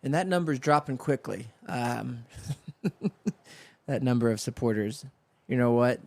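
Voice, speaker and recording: A man's voice: medium pitch, measured pace, creaky, a little mellow, no echo. A man hosting a solo comedy podcast, rambling through a story and slipping into voices for the people in it. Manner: rambling, riffing with acted-out voices. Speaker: podcast host. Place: home studio.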